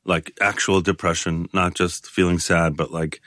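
A man in his sixties, a guest in a conversation, talking in a halting, reflective way with many restarts. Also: low voice, little pitch movement, a bit bright, no room sound, studio quality. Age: 60s. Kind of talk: casual conversation.

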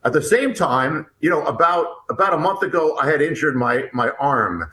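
Excited storytelling man in an echoey room. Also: on the high side. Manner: halting, with many restarts and repeated words. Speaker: author and guest. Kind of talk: animated first-person storytelling.

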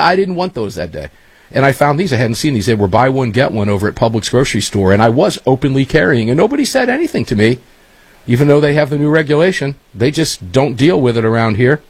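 A man's voice: mid-range voice, slightly rough, no echo. A man hosting a talk show, chatting casually and rambling through stories. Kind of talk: casual chat.

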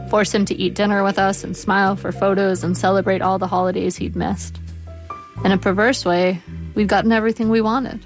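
Woman author in her forties, gravelly, measured and wry first-person essay reading. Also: mid-range voice.

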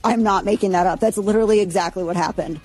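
A woman's voice: medium pitch, steady tone, fast, darkish tone, soft background music. A woman hosting a radio talk show, chatting casually through news items with fillers and asides. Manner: chatty, rambling, lots of fillers. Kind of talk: casual news chat and read ad.

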